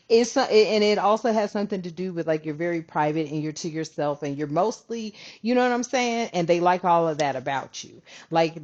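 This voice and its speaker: Chatty woman giving a tarot reading. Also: fairly low pitch. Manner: chatty, laughing, rambling asides. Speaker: tarot reader. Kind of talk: casual tarot reading to viewers. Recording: dull lo-fi sound.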